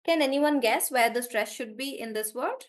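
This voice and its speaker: Woman, fairly high voice, pronunciation teacher, live class, drawn-out repeated words. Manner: repeats each word slowly to model the stress; calls on students by name and checks in with them.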